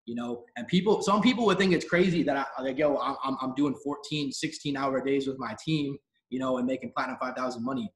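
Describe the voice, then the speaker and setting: On a live online team training call, the host gives an emphatic, repetitive motivational talk in slangy, casual speech. His voice is medium-pitched and fairly quick, and the recording is rough.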